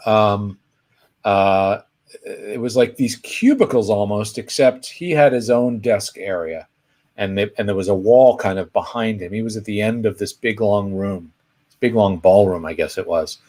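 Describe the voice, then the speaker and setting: Animated male storyteller on a live Q&A. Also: mid-range voice. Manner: animated storyteller, acts out quoted voices. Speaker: co-host answering viewer questions. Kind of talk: casual live Q&A chat, storytelling.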